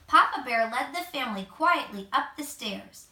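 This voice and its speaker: A mother reading a picture book aloud to her child at home, expressive, with gentle asides. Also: fairly high pitch, normal speed, few pauses. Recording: echoey room, mic at a distance.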